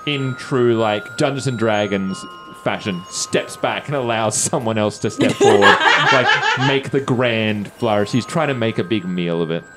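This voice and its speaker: A player in a tabletop game, talking in a giggly, animated way. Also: medium pitch, measured pace, few pauses, over loud music. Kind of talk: casual chat.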